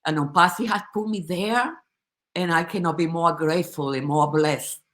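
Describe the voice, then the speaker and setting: With a fairly low pitch and a slightly bright quality, a woman speaks at normal speed while giving a testimony in a group conversation. She's a company supporter, and her passion and emotion lead her to restart sentences often.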